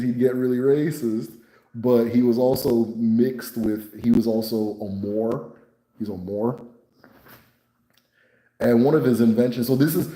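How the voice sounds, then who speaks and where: Easygoing, swearing male livestream host; dark, mellow voice, echoey room. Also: medium pitch. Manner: laid-back, profane, laughing, rambling. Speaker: host of a spirituality channel. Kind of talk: casual live Q&A chat.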